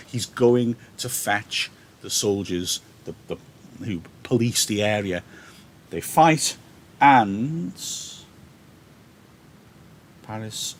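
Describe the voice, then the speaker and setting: A man's voice: lowish voice, lively intonation, slow. Male teacher paraphrasing a play casually. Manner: explains in casual modern paraphrase. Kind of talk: live lesson reading a play with analysis. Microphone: laptop.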